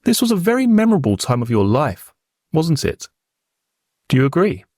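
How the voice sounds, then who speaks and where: A man cross-examining a witness in a formal, probing manner, pressing with pointed questions. His pitch rises and falls a lot as he presses, and the sound is close and dry with no room around it. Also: very animated, normal speed, a little mellow, no echo. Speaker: prosecuting barrister in reenactment. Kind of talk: courtroom cross-examination reenactment.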